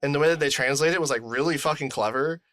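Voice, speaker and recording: A man's voice: fairly high pitch, fast talker, fairly bright tone, dry recording. A man co-hosting a podcast, talking loosely with heavy filler words and casual swearing. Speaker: podcast co-host. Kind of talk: casual chat.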